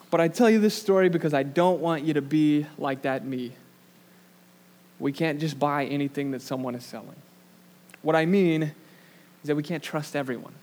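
A young man delivering a sermon, his pitch sitting a little high. He talks casually and pokes fun at himself, with plenty of ums and likes. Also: darkish tone. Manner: casual, self-deprecating storyteller with many fillers. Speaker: pastor. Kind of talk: sermon with a personal anecdote.

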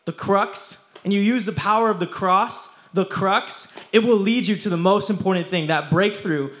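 A man's voice: high voice, moderate pace, a bit bright. A young man preaching a casual youth sermon, slangy and playful, often laughing as he talks.

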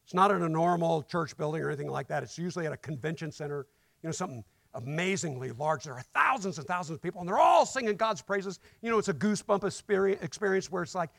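A man preaching a sermon to a congregation, telling stories in a conversational way with rhetorical questions and building to loud emphasis. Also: on the high side, quick pace, creaky, no echo. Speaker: guest preacher. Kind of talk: sermon with storytelling. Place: church.

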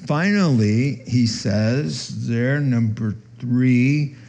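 Here a pastor talks extremely slowly, with vocal fry and a darkish tone. His conversational sermon includes acted-out quotes delivered at a higher pitch.

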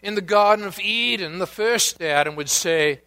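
A man preaching a sermon, asking the congregation questions and dropping to a hushed voice at times. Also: sits high, moderate pace, hardly any pauses, smooth. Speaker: pastor.

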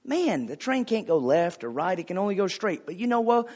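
Folksy preacher, male, high-pitched, conversational sermon delivery with light humor. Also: big pitch swings, brisk, few pauses, a little mellow. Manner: folksy, conversational, jokes with the congregation. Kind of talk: casual sermon with anecdotes.

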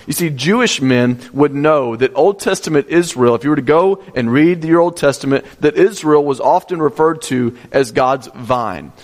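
A man's voice: medium pitch, in a large hall. A male pastor preaching a sermon, teaching step by step, repeating key points and asking the congregation questions.

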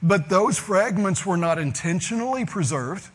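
A man with a notably high voice delivers a teaching sermon. He preaches with emphatic, deliberate phrasing and leans hard on the words he wants to stress. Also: expressive, fairly bright tone, husky.

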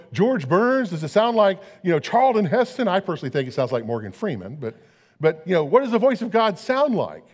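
A man's voice: a little high, in a large hall. A man preaching a sermon as pastor, talking conversationally and asking his listeners rhetorical questions.

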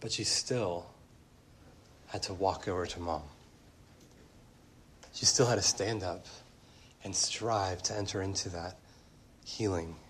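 A man in his thirties preaching a sermon as pastor, animated, speeding up and slowing down and rising to loud emphatic peaks. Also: deep voice, slight background noise. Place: church.

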